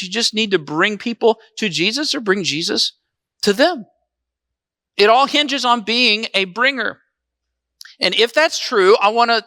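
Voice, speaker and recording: A man's voice: high voice, sharp tone, no room sound, studio quality. A man preaching a conversational sermon as pastor, often asking the congregation questions.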